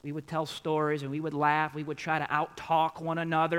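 A man's voice: a little high, fairly quick, few pauses, clean tone, poor audio. A pastor preaching a sermon to his congregation, putting questions to his listeners and repeating key points for emphasis. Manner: animated, swinging from quiet to loud.

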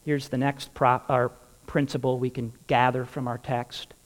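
A man's voice: medium pitch, little pitch movement, moderate pace, big-room sound. A man preaching a sermon, telling a humorous personal story and acting out the dialogue before drawing the lesson. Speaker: pastor.

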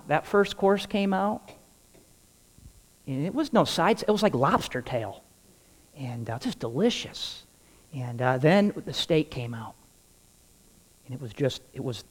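A man's voice: fairly high pitch, expressive, measured pace, darkish tone, in a large hall. A man preaching a sermon, telling a humorous personal story and acting out the dialogue before drawing the lesson. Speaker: pastor.

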